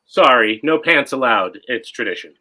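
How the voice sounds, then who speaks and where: A man playing as a comedian panelist on a comedy game show, delivering punchlines in a deadpan way. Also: mid-range voice, normal speed.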